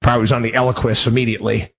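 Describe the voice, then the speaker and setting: A man's voice: medium pitch, flat delivery, very fast, a little hiss or hum. A man hosting a talk show, speaking in an indignant, rambling monologue full of restarts and repeated words. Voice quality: husky. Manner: indignant and worked up. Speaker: radio talk show host. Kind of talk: casual monologue.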